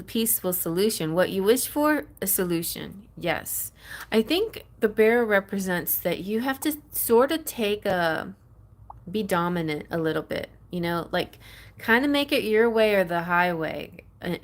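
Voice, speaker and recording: A middle-aged woman hosting a live tarot reading stream, chatting casually and rambling, laughing often. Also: lowish voice.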